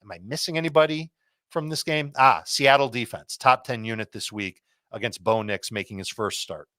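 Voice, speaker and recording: A man giving quick, confident fantasy football start and sit advice, rattling off picks one after another. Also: medium pitch, pushed and bright, no room sound.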